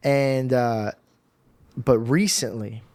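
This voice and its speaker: A man's voice: mid-range voice, slow, dry recording, clean studio sound. A young man telling an emotional personal testimony on a podcast, talking casually with slang. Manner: casual, animated storytelling with slang. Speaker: podcast guest.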